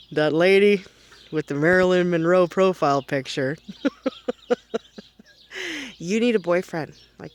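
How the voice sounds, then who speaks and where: A man's voice: on the high side, fairly bright tone. A man playing a brash foul-mouthed middle-aged mom, ranting sarcastically and mockingly to the camera in a comedic vlog. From Canada. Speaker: comedy vlogger.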